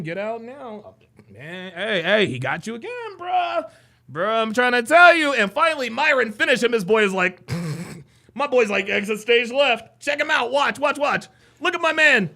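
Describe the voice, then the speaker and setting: A man hosting a live stream, reacting excitedly to a clip with laughter, shouting and lots of repetition. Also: high-pitched, vocal fry.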